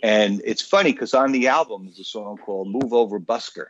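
A man's voice: fairly low pitch, brisk, dry recording, highs cut off. A man in his sixties, a radio show guest, telling an anecdote in a casual way with lots of fillers. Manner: animated storyteller with frequent fillers. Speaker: guest, author.

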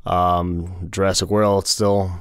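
A man with a low voice co-hosts a casual podcast and keeps his replies short and easygoing. The sound is dry and close, with no room around it. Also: level tone, takes it slowly, fairly bright tone, smooth, no room sound. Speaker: podcast co-host.

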